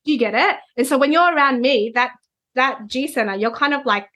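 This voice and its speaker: Woman guest, higher-pitched, patient explainer who keeps asking "right?". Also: a little fast, sharp tone. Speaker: Human Design reader, guest. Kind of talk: explanatory conversational chat.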